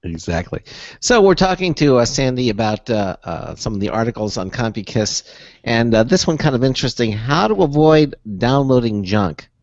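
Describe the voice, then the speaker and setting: A man's voice: medium pitch, big pitch swings, moderate pace, darkish tone, no echo. A male radio co-host chatting casually, hesitating with short fillers. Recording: dull, dry studio sound.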